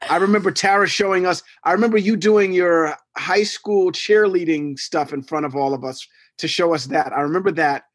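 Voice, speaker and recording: A middle-aged man from New York in a casual storytelling chat, animated, swearing and acting out quotes, on a close studio mic. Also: high-pitched, normal speed, hardly any pauses, no echo. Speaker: podcast co-host.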